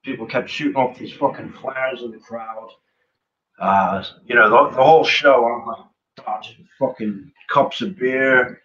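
A man's voice: mid-range voice, measured pace, fairly bright tone, muffled recording. A man who sings in a punk band, telling road stories as an interview guest, swearing constantly and full of fillers. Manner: profane, rambling storyteller with frequent fillers. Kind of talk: casual storytelling interview. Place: remote live stream call.

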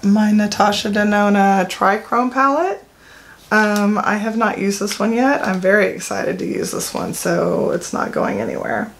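A woman's voice: medium pitch, gravelly, a little hiss or hum. Chatty woman reviewing makeup. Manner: chatty, rambling, with fillers and self-corrections. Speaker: beauty vlogger. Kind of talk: casual product talk to camera.

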